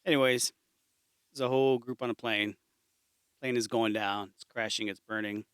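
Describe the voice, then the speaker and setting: A man's voice: mid-range voice, steady tone, normal speed, a bit bright, clear, resonant tone, dry recording. Man, podcast co-host, casual storytelling, laughs at own jokes, dry recording. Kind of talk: casual chat, telling a joke.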